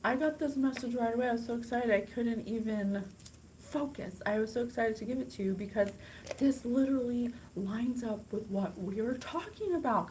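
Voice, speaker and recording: A woman hosting a psychic channel, talking casually and excitably straight to her viewers. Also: on the high side, a little hiss or hum, rough recording. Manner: chatty, bubbly, gushing and excitable. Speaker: psychic podcast host. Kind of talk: casual direct-to-camera talk.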